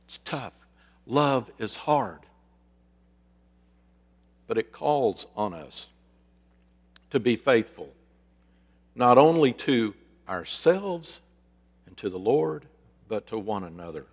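A man preaching a sermon, with dramatic pauses and rhetorical questions that he then answers himself. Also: mid-range voice, big pitch swings, in a large hall. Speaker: pastor.

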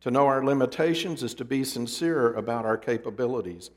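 A man preaching a sermon in a deliberate, emphatic storytelling manner, his endings dropping low. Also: a little mellow. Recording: long hall reverb.

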